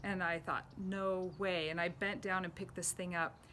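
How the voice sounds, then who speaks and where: A woman's voice: lowish voice, flat delivery, fairly quick, a little hiss or hum. Earnest woman telling a heartfelt story. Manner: earnest and heartfelt, with soft laughs and quiet emotional moments. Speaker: rock artist sharing her story. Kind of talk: personal storytelling.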